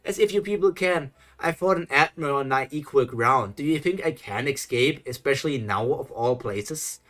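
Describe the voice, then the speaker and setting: Male reader as a sharp-tongued pirate girl, smug and defiant. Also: medium pitch, normal speed, natural voice. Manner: smug, mocking.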